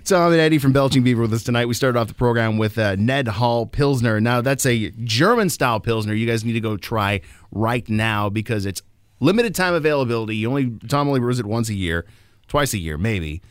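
A man's voice: mid-range voice, expressive, a little fast, clear, resonant tone, no echo. A man hosting a radio show in the studio, bantering and joking with guests and laughing often. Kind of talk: casual on-air banter. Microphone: studio microphone.

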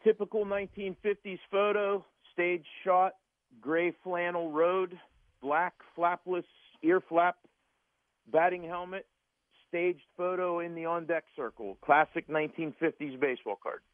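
A man appearing as a regular guest for a weekly radio segment, speaking in a brisk, matter-of-fact way. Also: high-pitched, steady tone, dry recording. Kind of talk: casual chat. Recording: tinny phone line.

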